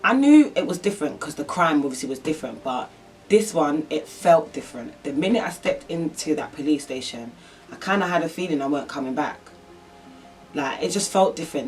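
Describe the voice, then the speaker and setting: A woman's voice: sits low, darkish tone, far from the mic. A young woman telling a personal story in a vlog, rambling and emotional with lots of fillers. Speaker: vlogger.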